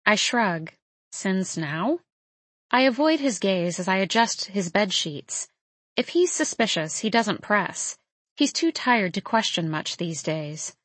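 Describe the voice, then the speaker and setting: In a measured, calm manner, a woman narrates a novel in the first person from a script, as an audiobook. Her voice sits at a normal mid pitch. The recording is close and dry, without any room sound.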